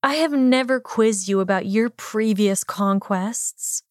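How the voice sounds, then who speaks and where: A woman playing a possessive young man, steady. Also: slow pace, no room sound, clean studio sound, close to an everyday voice. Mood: jealous. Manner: steady, low-key delivery. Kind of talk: audiobook reading of fan fiction.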